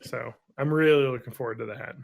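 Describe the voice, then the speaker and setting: A man's voice: mid-range voice, brisk, gravelly, slightly rough. A man in his thirties co-hosting a casual podcast, rambling and full of fillers as he rants. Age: 30s. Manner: rambling, filler-heavy, laughs between thoughts. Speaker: podcast co-host.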